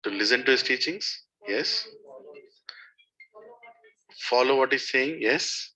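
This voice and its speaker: A man's voice: medium pitch, expressive, takes it slowly, pushed and bright. A man giving a devotional talk to a satsang group, telling stories and asking his listeners questions. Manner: storytelling, asks listeners questions. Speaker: spiritual teacher. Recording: dull lo-fi recording.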